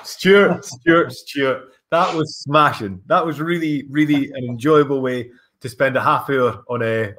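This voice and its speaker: A man hosting an online children's event, chatting in a friendly way with a guest poet. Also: fairly high pitch. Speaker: workshop host.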